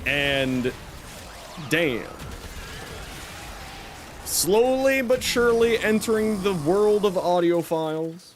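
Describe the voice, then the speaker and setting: This young man's high voice has lively intonation, and he takes it slowly with long pauses, over a little hiss or hum. Chatting casually on his live game stream, he's upbeat and talkative, announcing giveaways and thanking viewers.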